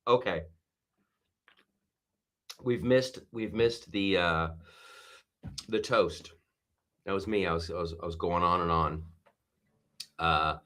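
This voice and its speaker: A man's voice: lowish voice, bright, forceful tone. A man hosting a live stream, rambling through commentary with frequent restarts and laughing at his own jokes. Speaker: host.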